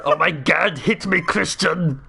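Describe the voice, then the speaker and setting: A man doing an over-the-top impression of a musclebound action star, blurting loud, exaggerated exclamations. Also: on the high side, measured pace, creaky, husky, voice pushed up, heavily acted. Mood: hammy.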